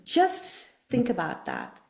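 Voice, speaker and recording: A woman's voice: mid-range voice, wildly swooping pitch, takes it slowly, gravelly, reverberant. A woman running for office, answering interview questions with passion and emphatic rhetorical questions. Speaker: political candidate.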